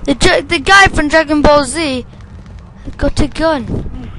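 A woman narrates her gameplay in a high voice and an unhurried, rambling way. She mocks the characters, laughs often and bursts out without warning. The recording carries clear background noise. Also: sharp tone. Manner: rambling, mocking, frequent laughter and sudden outbursts. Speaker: let's play gamer. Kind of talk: gameplay commentary.

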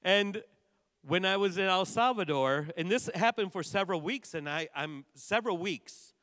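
A man preaching a testimony sermon in a church, telling stories with lively bursts of exclamation. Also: sits high, moderate pace, no echo, clean studio sound, big-room sound. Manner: animated storytelling preacher, bursts of loud exclamation. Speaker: pastor. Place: church sanctuary.

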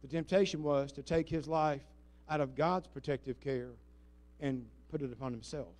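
A man preaching a sermon as pastor. He leads the congregation in call-and-response and swings between booming emphasis and hushed asides. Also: steady tone, normal speed. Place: church sanctuary before a congregation.

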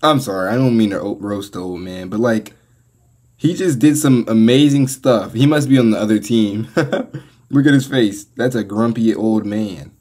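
An American man hosting a reaction video, talking casually and getting excitable as he comments and laughs along. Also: fairly low pitch, normal speed. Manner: excitable, laughs and exclaims often.

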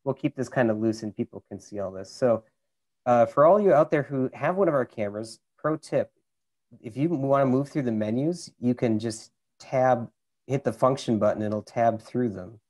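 A man's voice: mid-range voice, moderate pace, a little mellow. Chatty Minnesotan man walking through camera menus. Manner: chatty, explains step by step with many fillers. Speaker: camera expert. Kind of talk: casual how-to over a video call. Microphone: video call.

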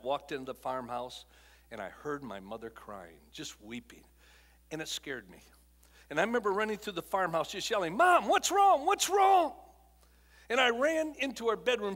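An older male preacher telling a personal story in a church auditorium, his voice sitting fairly high for a man. He moves from hushed, near-broken lines to sudden loud outbursts. A long hall reverb trails every phrase. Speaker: guest speaker. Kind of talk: emotional testimony sermon.

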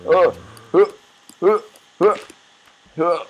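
A man's voice: mid-range voice, lively intonation, moderate pace, soft background music, poor audio. An eighteen-year-old man giving casual, rambling gameplay commentary, swearing and yelping when startled.

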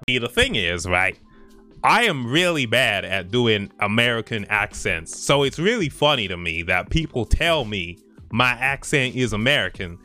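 Male streamer, relaxed joking chat, lively pitch. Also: unhurried, soft background music. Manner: playful, laughing, joking about his voices.

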